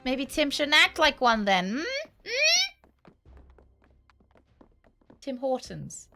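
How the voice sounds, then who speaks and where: A woman's voice: high-pitched, expressive, normal speed, loud music behind the voice. A young woman with a British accent chatting playfully with her viewers while streaming a game. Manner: chatty, playful, teasing banter with chat. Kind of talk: casual let's-play chat.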